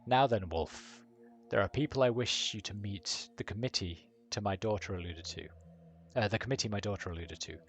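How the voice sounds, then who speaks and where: An icy, wealthy patriarch in a game , read by a male streamer. He speaks formally and gives commands, with a man's lowish voice. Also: moderate pace, lightly acted. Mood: cold formal. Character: cold, wealthy older father and patrician.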